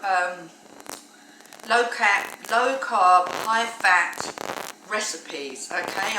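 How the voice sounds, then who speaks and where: A woman's voice: mid-range voice, bright, forceful tone. A woman vlogging casually from her home kitchen, chatty and enthusiastic with many ums and restarts. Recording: echoey room, distant mic, noisy.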